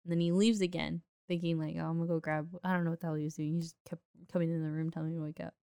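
A woman telling an animated personal story in casual chat, often laughing. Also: low-pitched, very fast, gravelly, clean tone, no echo, studio quality.

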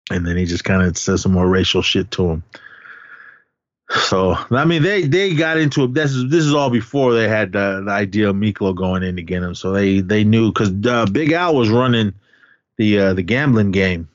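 A man co-hosting a podcast, casually recapping a film and slipping into animated character quotes. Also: lowish voice, normal speed, no echo. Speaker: podcast co-host. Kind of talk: casual movie-recap chat. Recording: dry, slightly muffled podcast audio.

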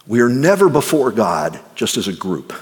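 A male pastor preaching a sermon. He swings between ringing exclamations and hushed, near-whispered passages. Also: mid-range voice, very animated, normal speed. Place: church sanctuary. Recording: long reverb of a large hall.

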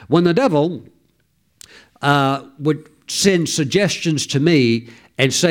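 Fervent male pastor, slightly high voice. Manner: storytelling preacher who exhorts and laughs loudly. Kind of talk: sermon.

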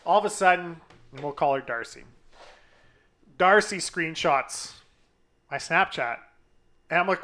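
Bright, animated young man telling stories. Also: high-pitched, moderate pace, long pauses. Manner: animated, profane storyteller, acts out quotes. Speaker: podcast co-host. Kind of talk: casual chat, storytelling.

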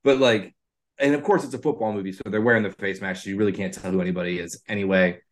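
A man with a fairly low voice co-hosts a casual podcast. He lays out his opinions slowly and at length. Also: steady tone. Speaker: podcast co-host. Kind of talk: casual movie chat.

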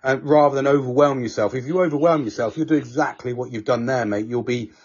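Husky bloke, podcast chat, reassuring, says mate a lot, muffled sound. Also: male voice, medium pitch, fast talker, darkish tone. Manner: reassuring, calls everyone mate. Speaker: podcast host. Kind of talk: casual chat. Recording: dull lo-fi audio.

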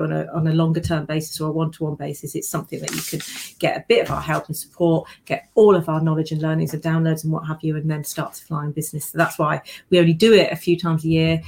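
A woman's voice: low voice, vocal fry, darkish tone. A woman co-hosting a podcast in upbeat, casual chat. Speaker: podcast co-host.

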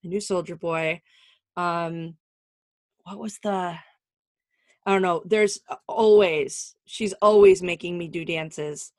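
A woman's voice: fairly low pitch, fairly even intonation, slow pace, pauses often, a little mellow. A middle-aged woman hosting a comedy podcast, chatting and joking with a guest, laughing often. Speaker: podcast host. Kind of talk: casual comedic chat.

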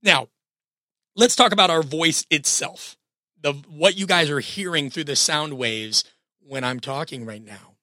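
Bright, dry-voiced man with a cold. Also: on the high side, measured pace, dry recording. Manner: earnest, coaching tone, addresses listeners directly. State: sick with a cold. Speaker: podcast host and coach. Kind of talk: solo podcast talk.

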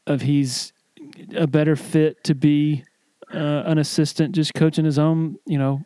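A man's voice: a little high, level tone, unhurried, warm tone, smooth, no room sound. A man interviewing a guest, asking rambling questions full of fillers and restarts. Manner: hesitant, searching for words with many fillers.

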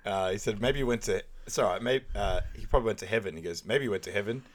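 A man's voice: on the low side, fast. A man co-hosting a film recap podcast, retelling scenes with quoted lines and laughing often. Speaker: podcast co-host. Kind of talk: casual film recap chat.

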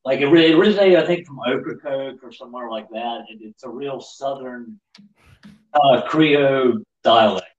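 A man in a casual podcast chat making quick, wry remarks. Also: mid-range voice, roomy sound, lo-fi sound.

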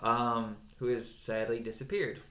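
A man chats casually as a podcast co-host and counts down songs with strong opinions. His voice sits in a middle pitch. The room around him is echoey. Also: measured pace. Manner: animated, opinionated, with mocking put-on voices.

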